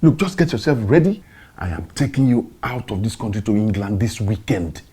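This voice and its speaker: An actor with a Nigerian accent playing a controlling, secretive father who turns threatening and shouts when crossed. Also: on the low side, animated, normal speed, breathy edge. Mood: menacing.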